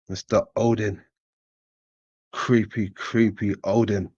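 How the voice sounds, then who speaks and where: A man giving casual reaction commentary in profane, laughing, slow, drawling remarks. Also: lowish voice, warm tone, slightly rough, no room sound, lo-fi sound.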